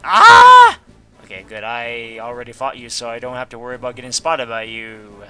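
Bright-voiced joking let's-play guy. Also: medium pitch, little pitch movement, a little fast, slight background noise. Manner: jokey, reads game text aloud with goofy asides. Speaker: let's player. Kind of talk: casual gameplay commentary.

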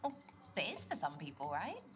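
A bright-voiced, low-pitched, flirty, probing woman on a video game date. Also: huge pitch swings, brisk, heavily acted. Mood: teasing. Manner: playful, sarcastic, probing. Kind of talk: live-action game acting.

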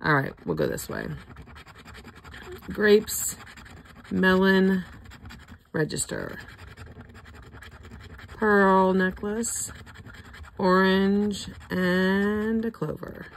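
Slow gravelly older woman, hoarse. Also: medium pitch, very animated, a little hiss or hum. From Florida. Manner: slowly calls out ticket symbols one by one, chatty asides. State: hoarse, throat not cooperating. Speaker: scratch-off ticket vlogger. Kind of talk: casual running commentary.

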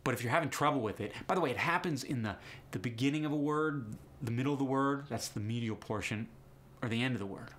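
A man's voice: mid-range voice, quick pace, a bit bright. A man teaching an accent lesson step by step, upbeat and explanatory, saying example words to show each sound. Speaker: accent coach.

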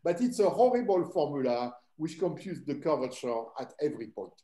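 An older man from southern France with a French accent, a mathematics professor lecturing to students in a relaxed, hesitant way full of fillers. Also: a little high, fairly quick. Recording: echoey room.

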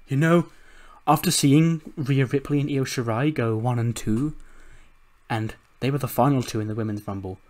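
A man voicing an eager male ringside interviewer who talks quickly and chattily. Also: mid-range voice, a little mellow, close to an everyday voice. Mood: chatty.

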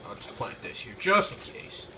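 A young man giving loud, profane, excitable live commentary over a shooter game, yelping when things go wrong. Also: moderate pace, distant mic, noisy background. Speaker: gaming commentator.

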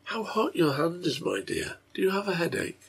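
A man voicing a troubled drunkard father who speaks tenderly to his sick daughter, with a husky, gravelly voice. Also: sits high, big pitch swings, normal speed, pitched above the performer's own voice, full character voice. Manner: gentle, tender.

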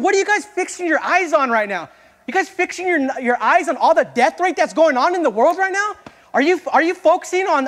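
A man's voice: extremely high pitch, fairly bright tone, in a large hall. A young man preaching an impassioned sermon as a youth pastor in a church, repeatedly calling out to the congregation.

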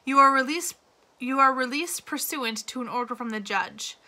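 A woman's voice: high voice, normal speed, pushed and bright. A woman reading aloud and voicing a firm, urgent woman lawyer.

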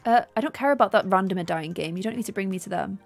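A woman's voice: medium pitch, racing, gravelly, soft background music. A woman live-streaming a game, chatting and gushing thanks to her chat. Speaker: gaming streamer.

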